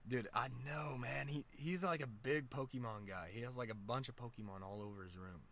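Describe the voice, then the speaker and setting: A young man streaming, telling a rambling casual story with lots of slang and fillers, laughing often. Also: a little fast. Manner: excited, louder and higher when amused.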